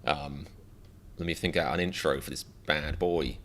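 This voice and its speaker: A man streaming live reactions, rambling and self-mocking with quick jokes. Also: extremely low pitch, fairly even intonation, fairly bright tone.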